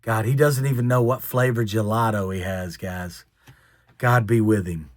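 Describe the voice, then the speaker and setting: A man voicing a short older woman who speaks slowly and solemnly, pitying a stranger. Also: lowish voice, fairly even intonation, dry recording, pitched below the performer's own voice, lightly acted.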